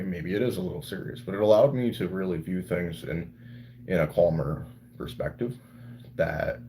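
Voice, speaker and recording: A man's voice: deep voice, mellow, slight background noise. A young man chatting casually with viewers on a live stream, loose and rambling, swearing freely. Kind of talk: casual livestream chat with viewers.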